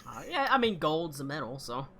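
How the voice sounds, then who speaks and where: A man narrating a tabletop game as game master, slow and halting with many fillers. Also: on the high side, sing-song, fairly bright tone.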